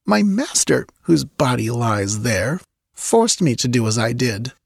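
Casting: male narrator doing a haughty young woman, scornful, raised pitch, dry close sound. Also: animated, moderate pace, darkish tone, husky, no room sound, full character voice. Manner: high scornful put-on voice.

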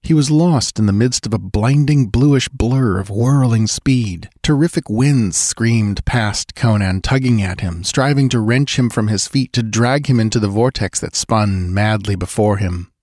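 A man narrating an adventure audiobook with measured, dramatic pacing. His voice is low and steady. The sound is dry and close, with no room echo. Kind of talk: scripted narration.

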